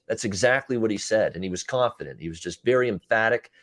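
Low-voiced man recapping hockey games. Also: a bit bright, dry recording. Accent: North American English. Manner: quick recaps with frequent "uh" fillers. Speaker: podcast co-host, betting analyst. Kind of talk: casual sports betting chat.

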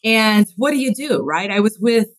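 This construction executive from Chicago, USA, is a woman in her fifties who shares stories as a podcast guest in a relaxed interview. Her voice sits on the high side at a normal speed, and the audio is poor. She comes across as earnest and reflective, often laughing at herself.

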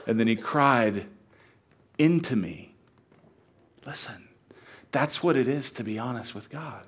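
A man preaching a sermon in an earnest, conversational way, dropping to a hush and then rising to loud, emphatic peaks. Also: medium pitch, expressive, unhurried, slightly rough. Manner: swings from hushed, quiet delivery to loud, near-shouted emphasis. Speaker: pastor.

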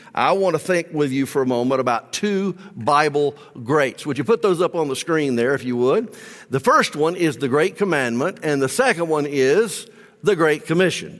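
A male pastor with a fairly high voice preaches to his congregation, leading them in call-and-response. He then turns to searching, reflective questions. His voice rings through a large church hall with a long reverb tail. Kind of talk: sermon.

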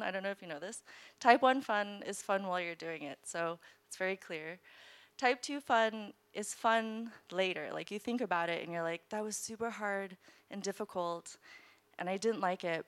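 Bright-voiced woman telling a story. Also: mid-range voice, moderate pace, clean tone. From United States. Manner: lively, chatty, laughs often, many "like" fillers. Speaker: scientist storyteller. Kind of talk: live personal storytelling. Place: live stage show before an audience.

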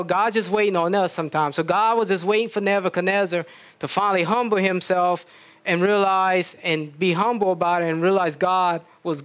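A man's voice: sits high, a bit bright. A man with a South Louisiana accent preaching a sermon in a folksy, storytelling way, often stopping to restart.

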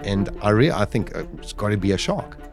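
A man's voice: on the low side, expressive, brisk, over loud music. A middle-aged man, a podcast guest vividly retelling his own ordeal and acting out his inner voice. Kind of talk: dramatic personal storytelling.

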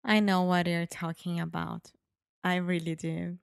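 A woman's voice: lowish voice, level tone, a little slow, vocal fry, clear, resonant tone, dry recording, studio quality. A Portuguese woman speaking English with a Portuguese accent in a casual chat, hesitant and laughing often as she searches for words. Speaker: co-host learning English.

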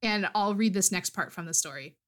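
A woman's voice: mid-range voice, a little fast, a bit bright. A woman co-hosting a podcast, animatedly recapping a fantasy story in casual chat. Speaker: podcast co-host.

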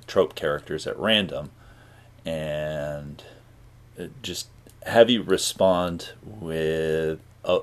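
A man interviewing over a call, with halting, filler-heavy prompts. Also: extremely low pitch. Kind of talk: casual interview. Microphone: call recording.

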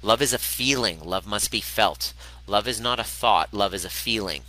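A man's voice: lowish voice, moderate pace, pushed and bright, poor audio. A man hosting a casual spoken monologue as a relationship coach, candid and a little profane, with frequent restarts. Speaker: podcast host, relationship coach.

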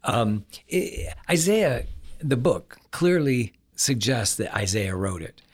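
On a podcast, an Old Testament scholar explains things casually, chuckling and frequently interrupting himself to restart. His husky, mid-range voice is very animated, and he speaks at a slow pace.

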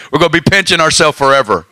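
A man's voice: high-pitched, pushed and bright. A man preaching a sermon, fervent and exhorting, often breaking into laughter.

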